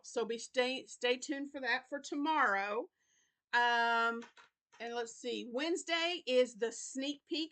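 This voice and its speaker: Yawning and tired, a crochet-channel host chats through her plans for the week in a casual update vlog, full of fillers and apologies for each yawn. She has a Southern US accent and a slightly high, pushed, bright voice.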